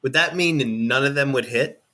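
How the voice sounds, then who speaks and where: Bright-voiced young man at a tabletop game. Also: medium pitch, normal speed. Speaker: player. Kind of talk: casual chat at a tabletop game.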